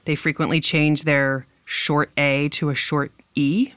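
A woman's voice: low voice, level tone, measured pace, a bit bright, dry recording. A woman in a casual podcast chat, breaking down accents with eager, analytical detail. Her voice is recorded dry and close, with no room sound. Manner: analytical, enthusiastic about accents.

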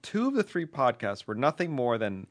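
A man's voice: medium pitch, big pitch swings, normal speed. A man co-hosting a podcast, chatting wryly and reading out listener messages. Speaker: podcast co-host. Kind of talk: casual chat, reading listener mail.

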